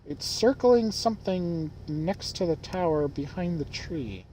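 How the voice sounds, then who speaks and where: A man streaming a puzzle game, thinking aloud with amused asides and halting restarts. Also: on the high side, animated, dark tone, slight background noise. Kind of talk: let's play commentary, reading in-game notes aloud.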